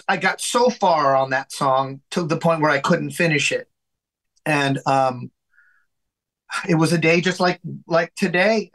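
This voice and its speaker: Animated man telling a story. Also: fairly high pitch, rough recording. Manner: animated storyteller who acts out quoted dialogue; frequent restarts and repeated words. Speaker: guest, singer and songwriter. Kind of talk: storytelling interview. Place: his home music studio.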